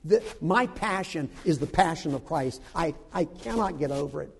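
An older man preaching a dramatic sermon who breaks into loud, shouted quotations. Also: fairly high pitch, lively intonation, moderate pace, vocal fry, breathy edge, in a large hall.

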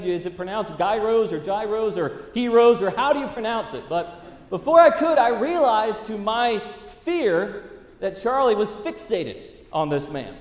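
A man in his thirties preaching a sermon, earnest and mixing in family stories. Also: sits high. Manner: earnest preaching with storytelling asides. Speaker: pastor. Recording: echoey hall reverb.

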